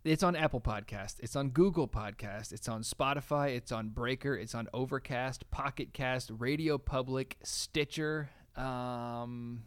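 A man's voice: medium pitch, measured pace, hardly any pauses, clear, resonant tone. A man co-hosting a casual podcast in a small studio, laid-back and rambling, laughing often. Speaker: podcast co-host. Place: small studio room with frosted glass windows.

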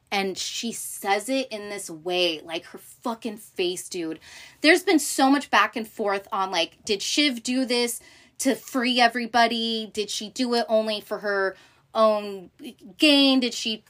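A woman hosting a casual recap, talking in an animated, profane way with many fillers and acted-out quotes. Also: medium pitch. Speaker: podcast host recapping a TV show. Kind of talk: casual chat.

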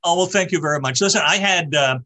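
A man hosting a casual interview, asking halting questions. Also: a little high, pushed and bright. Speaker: host.

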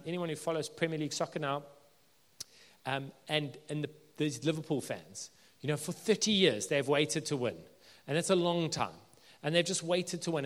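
A male pastor giving an earnest sermon, building to emphatic peaks and dropping low and slow for weight. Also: long reverb tail.

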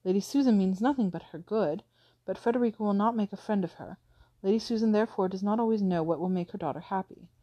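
A woman reading the lines of a flustered, apologetic young gentleman in an audiobook, with a hesitant, halting manner. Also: mid-range voice, highs cut off, close to an everyday voice.

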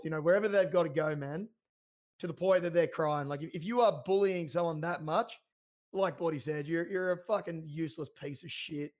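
Fired-up man, fairly high voice. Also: brisk. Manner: fired-up, loose talk full of "mate" and "man". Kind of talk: casual podcast chat.

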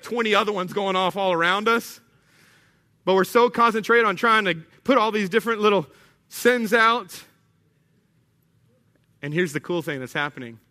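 Male pastor, 30s. Conversational, animated sermon delivery, bright tone. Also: high voice. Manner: conversational, animated, acts out little scenes.

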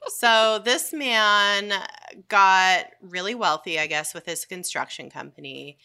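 A woman's voice: mid-range voice, slow pace, pushed and bright, clean tone. A woman co-hosting a podcast, telling a story in casual chat, profane and joking. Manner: profane, joking, laid-back delivery. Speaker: podcast co-host.

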